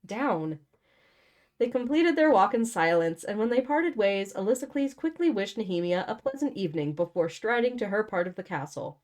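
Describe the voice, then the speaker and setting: A woman's voice: medium pitch, animated, moderate pace, a little mellow. A young woman hosting a show, reading a novel aloud and breaking off for blunt, sarcastic commentary. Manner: sarcastic, blunt, swears casually.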